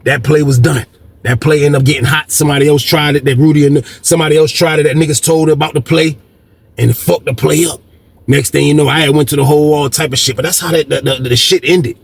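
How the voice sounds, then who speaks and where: A man's voice: on the high side, steady tone, fast, creaky, breathy edge. A man hosting a storytelling video, talking casually and profanely, acting out quoted voices and repeating "man" a lot. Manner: profane, repetitive, keeps saying "man".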